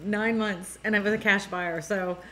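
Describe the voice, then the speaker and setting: A woman's voice: medium pitch, steady tone, moderate pace, pushed and bright, a little hiss or hum. A middle-aged woman with a New England accent hosting a casual live-stream chat, laughing often and reading viewer comments aloud. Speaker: host.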